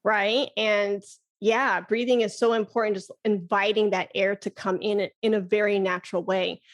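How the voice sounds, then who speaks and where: A woman flute teacher talking on a podcast in an animated way, laughing often and demonstrating breath sounds. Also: medium pitch, moderate pace. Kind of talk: casual podcast conversation.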